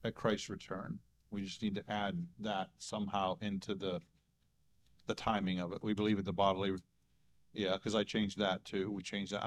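A man's voice: fairly low pitch, flat delivery, moderate pace. A man leading a casual church group discussion about a statement of belief, talking hesitantly with many restarts and small chuckles.

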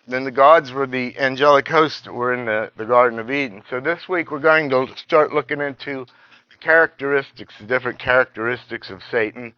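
Halting man teaching a Bible study. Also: medium pitch, no echo, highs cut off. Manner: halting, repeats words and restarts, reads scripture aloud.

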